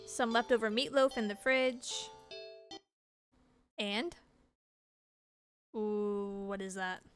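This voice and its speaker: A woman's voice: medium pitch, takes it slowly, a bit bright, soft background music. A woman streamer reading a game's text aloud, laughing and reacting with disgust between lines.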